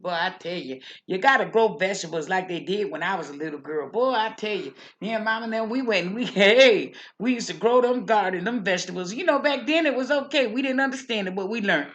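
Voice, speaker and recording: A woman's voice: mid-range voice, fairly bright tone, natural voice. A woman voicing a chatty older church lady who rambles, repeats herself and preaches about living right. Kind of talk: character monologue.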